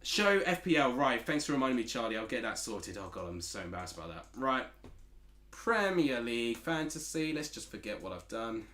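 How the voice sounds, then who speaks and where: A chatty man with an Essex accent streams a football watchalong, his pitch bouncing up and down as he reads out chat messages. He sounds like he's in an echoey room. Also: very animated, normal speed, sharp tone. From Essex, England. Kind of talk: casual football watchalong commentary.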